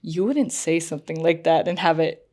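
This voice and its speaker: A woman's voice: deep voice, moderate pace, darkish tone. A woman co-hosting a podcast, casually retelling a story with lots of fillers and laughs. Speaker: podcast co-host. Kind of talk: casual chat.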